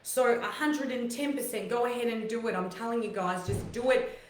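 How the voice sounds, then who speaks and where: A woman hosting a live online talk, emotional and close to tears, giving heartfelt, rambling encouragement with many fillers in a voice rougher and deeper than her usual. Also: normal speed. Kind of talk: live-stream motivational talk to viewers. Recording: echoey room.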